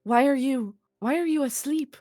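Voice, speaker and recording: A woman voicing an exasperated younger noble sister who scolds her brother sharply and higher than her usual voice. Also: moderate pace, a little mellow, no echo, clean studio sound, close to an everyday voice. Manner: scolding, impatient.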